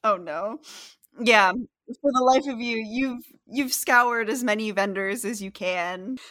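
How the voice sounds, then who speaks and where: A woman's voice: on the high side, slow pace, fairly bright tone, dry recording, clean studio sound. A woman narrating as game master, describing scenes in a playful way with lots of fillers.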